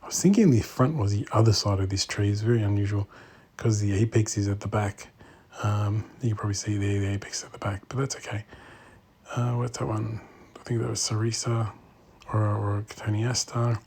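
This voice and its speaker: A man giving a casual walk-through commentary in an indoor exhibition room, speaking in quiet, murmured remarks that often drop to a whisper. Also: lowish voice, fairly even intonation, brisk, creaky, breathy edge. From Australia. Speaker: bonsai channel host.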